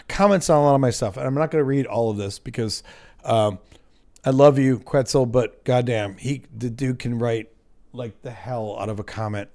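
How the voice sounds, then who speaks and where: A man's voice: mid-range voice, darkish tone. Rambling American man on a livestream. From United States. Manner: rambling and self-mocking, many fillers and restarts. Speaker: livestream host. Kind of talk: casual livestream chat.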